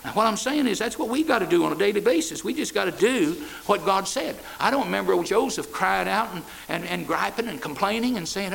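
A man preaches in a folksy, repetitive way. His voice sits high for a man and leaps all over the place, with a gravelly edge. He keeps calling out "amen" as he stumbles through restarts. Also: animated, brisk, hardly any pauses, a bit bright, slight background noise, low-quality recording. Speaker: pastor. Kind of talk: sermon. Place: church.

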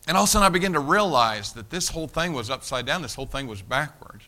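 A pastor telling a story in a sermon, folksy, repeating his words and swinging from loud emphasis to hushed tones. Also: a little high, animated, fast talker, hardly any pauses.

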